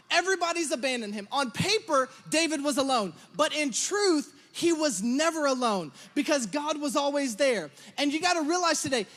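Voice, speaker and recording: A man in his thirties preaching a sermon, telling a lively story about his children and acting out their lines. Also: very high voice, moderate pace, few pauses. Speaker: pastor.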